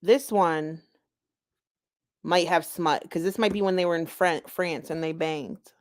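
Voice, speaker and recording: A woman's voice: lowish voice, unhurried, darkish tone. A woman hosting a commentary channel, reading aloud with offhand, joking asides and giggles. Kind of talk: casual read-aloud with chat.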